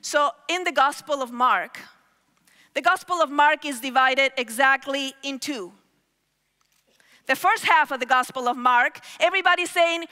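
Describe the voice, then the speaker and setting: Bright high-voiced woman preaching. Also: normal speed. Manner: emphatic, repeats phrases for effect. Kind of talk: sermon. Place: large worship hall. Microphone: wireless mic. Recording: long hall reverb.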